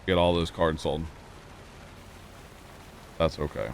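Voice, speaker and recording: Deep-voiced man chatting while streaming. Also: fairly even intonation, takes it slowly, vocal fry, a little hiss or hum. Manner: chatty, jokey, reading chat aloud. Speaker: game streamer. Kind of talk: casual stream chat.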